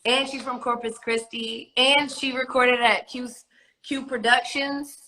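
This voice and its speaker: Bright-voiced New York woman hosting. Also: a little high, fairly even intonation, measured pace, rough recording. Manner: chatty, loose, laughs often. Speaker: host. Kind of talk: casual livestream chat. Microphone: phone on a livestream video call.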